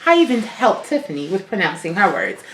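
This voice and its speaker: A woman's voice: medium pitch, very animated, brisk, fairly bright tone, slight background noise. A woman in her thirties co-hosting a casual recap podcast, sassy and emphatic. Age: 30s. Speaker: podcast co-host. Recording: roomy echo.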